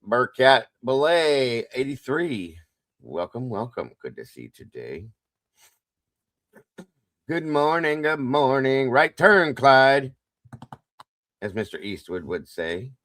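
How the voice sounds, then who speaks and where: A man's voice: medium pitch, sing-song, slow pace, no echo, studio quality. A man hosting a casual livestream, greeting viewers one by one by name with playful sing-song asides. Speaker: livestream host.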